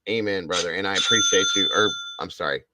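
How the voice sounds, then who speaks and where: A man's voice: sits low, fast talker, very noisy. A man hosting a livestream in casual chat, emotionally and effusively thanking his viewers and repeating his praise. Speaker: livestream host.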